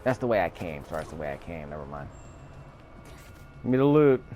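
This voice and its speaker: With a low, very animated voice and a brisk pace, a man delivers casual let's-play commentary, rambling and self-correcting as he chats. Music plays in the background.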